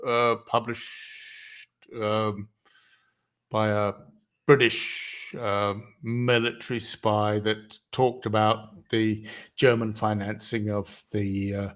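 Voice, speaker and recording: A man hosting a casual livestream conversation, talking in halting, roundabout sentences full of fillers and restarts. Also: lowish voice, flat delivery, a bit bright. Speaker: host.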